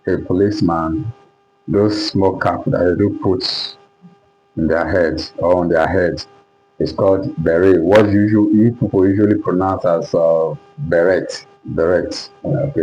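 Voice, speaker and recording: Male teacher, Nigerian English accent, low mellow voice, lo-fi recording, patient and repetitive classroom explaining. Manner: repetitive, keeps checking understanding. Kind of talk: classroom lesson at a board.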